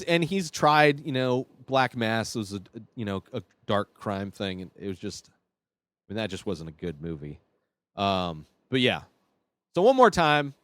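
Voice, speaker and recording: A man's voice: medium pitch, no room sound. A man hosting his own podcast, giving blunt, rambling opinions with lots of fillers. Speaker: podcast host. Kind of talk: casual opinion monologue.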